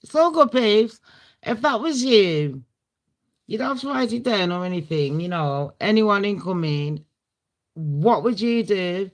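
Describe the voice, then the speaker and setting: Slow, blunt British woman. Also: mid-range voice, animated. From Britain. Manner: blunt, profane, laughing asides. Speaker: livestream host. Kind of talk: casual storytime chat.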